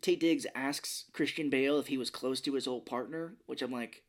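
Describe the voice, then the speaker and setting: A man co-hosting a podcast, casually recapping a movie, laughing often and acting out lines in a gruff whisper. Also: mid-range voice, normal speed. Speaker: podcast co-host.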